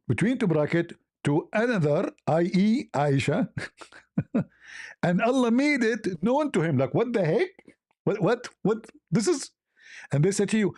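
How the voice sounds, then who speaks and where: A man giving mocking, sarcastic commentary in non-native English, halting often with fillers and restarts. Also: fairly high pitch, very animated, darkish tone, husky, dry recording, clean studio sound.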